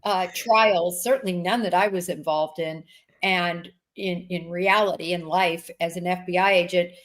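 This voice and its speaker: A woman hosting a casual interview about a trial, talking in halting bursts with frequent restarts. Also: lowish voice, steady tone. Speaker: host, former FBI agent.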